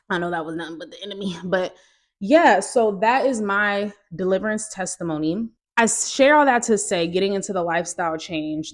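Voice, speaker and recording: A young woman vlogger sharing a personal testimony in a casual, animated storytelling way, talking straight to her viewers. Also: on the low side.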